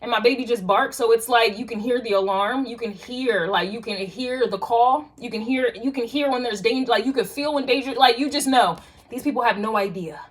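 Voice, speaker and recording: A woman's voice: fairly high pitch, brisk. Casual profane woman giving a tarot reading. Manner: casual, profane, streetwise slang, rambling restarts. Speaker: tarot reader.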